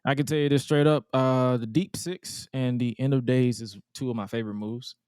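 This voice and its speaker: A man's voice: mid-range voice, fairly even intonation, normal speed, darkish tone, smooth, no room sound, studio quality. A man hosting a casual wrestling podcast, talking bluntly and jokingly with plenty of swearing. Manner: blunt, profane, jokey. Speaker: podcast host.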